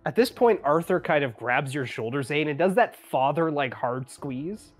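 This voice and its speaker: A relaxed game master setting the scene in a tabletop game, chatty and easygoing, with frequent ums and laughter. The voice has a middling pitch. Soft music plays in the background. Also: normal speed. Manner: casual, laughing, many ums.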